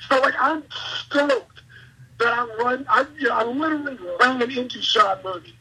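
A man, a wrestler and podcast guest, telling an excitable, rambling story in casual interview chat. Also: very high voice, slightly rough, poor audio. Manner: excitable, rambling, quick asides.

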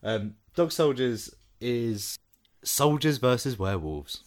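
A man's voice: mid-range voice, expressive, slow. A man co-hosting a casual film review podcast, dry and joking. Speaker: podcast co-host.

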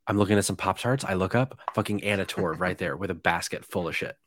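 A man's voice: sits low, quick pace, fairly bright tone, no echo. A young man co-hosting a podcast, telling a rambling, sweary anecdote full of fillers and restarts. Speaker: podcast co-host. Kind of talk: casual storytelling chat.

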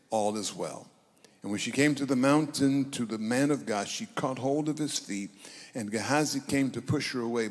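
A man's voice: mid-range voice, husky. A man in his eighties preaching a sermon, retelling a scripture story and calling on the congregation to respond. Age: 80s. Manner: lively storytelling, acting out quotes and calling on the congregation. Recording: long reverb of a large hall.

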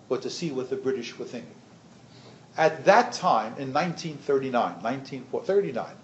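An older man, a history professor, lecturing teachers in a lively storytelling way and acting out the quoted voices. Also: medium pitch, echoey room, muffled recording, a little hiss or hum.

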